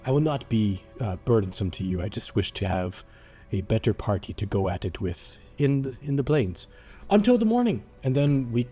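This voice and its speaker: A man's voice: medium pitch, very animated, normal speed, warm tone, soft background music, natural voice. A man voicing a haughty young wizard who speaks in grand, archaic, fawning phrases. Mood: courtly, fawning. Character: haughty pompous young male wizard who abandons his party.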